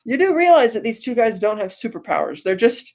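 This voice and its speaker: A woman's voice: fairly high pitch, sing-song, fairly quick, a little mellow. Rambling woman podcast host, lo-fi sound. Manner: rambling storytelling with frequent fillers and laughs. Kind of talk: casual film recap chat. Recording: dull lo-fi podcast audio.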